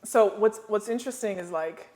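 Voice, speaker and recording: American woman on a podcast, slangy, acts out voices, mid pitch. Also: brisk, a little mellow. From United States. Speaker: podcast guest, former pro basketball player. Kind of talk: casual storytelling interview.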